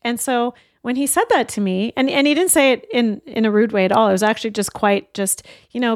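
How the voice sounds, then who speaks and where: A woman's voice: on the high side, expressive, a little fast, few pauses, dry recording, studio quality. A middle-aged woman life coach giving an earnest, reflective motivational talk and sharing personal stories openheartedly. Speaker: life coach and podcast host.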